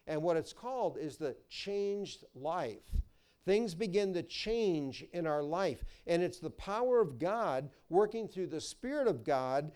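A man pastor preaching a sermon, reading verses slowly with emphasis and telling stories with bursts of animation. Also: high voice, lively intonation, a little mellow, clean tone.

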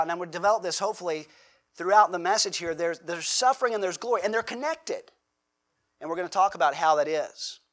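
Middle-aged American man, pastor, high-pitched voice, chatty conversational sermon delivery with rhetorical questions. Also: a bit bright. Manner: conversational preaching with rhetorical questions and acted-out quotes.

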